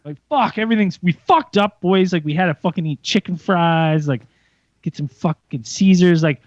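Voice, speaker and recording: A young man co-hosting a podcast, telling a story in a lively, profane way and acting out the voices of others. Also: high-pitched, normal speed, no echo. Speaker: podcast co-host. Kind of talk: casual storytelling chat. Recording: muffled lo-fi sound.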